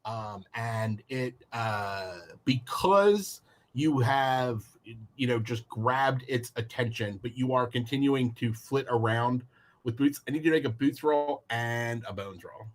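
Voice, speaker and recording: A man acts as game master for a tabletop game and describes the scene. His speech halts and stalls over fillers. His voice sits at a middle pitch. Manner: halting, many restarts and fillers.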